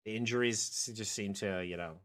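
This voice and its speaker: A man's voice: fairly low pitch, fairly quick, fairly bright tone. A man narrating as game master for a tabletop game, talking loosely with lots of fillers and restarts. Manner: rambling, many fillers and restarts.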